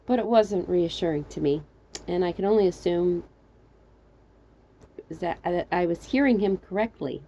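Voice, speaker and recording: A woman's voice: moderate pace, pauses often, highs cut off. Wry woman reading a comic story. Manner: wry, animated, jumping high for quoted lines. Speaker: storyteller reading her fan fiction. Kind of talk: comedic story narration.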